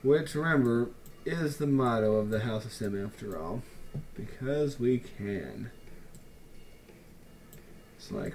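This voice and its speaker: A man's voice: medium pitch, lively intonation, slow, pauses often, darkish tone, a little hiss or hum. A young man giving casual, joking commentary over a city-building game, full of playful, mock-grand asides to the viewers. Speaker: let's play commentator.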